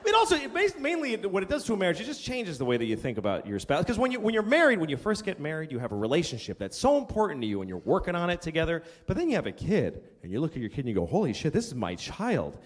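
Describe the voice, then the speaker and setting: A middle-aged man doing a stand-up routine, with a profane, deadpan confessional delivery. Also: sits high, rapid-fire, hardly any pauses. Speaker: stand-up comedian. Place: large hall before a live audience. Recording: long hall reverb with background noise.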